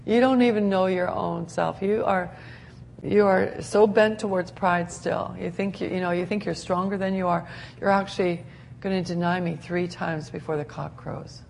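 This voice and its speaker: A woman playing a calm, firm male teacher. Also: fairly low pitch, moderate pace, gravelly, slight background noise, voice pushed down. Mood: rebuking.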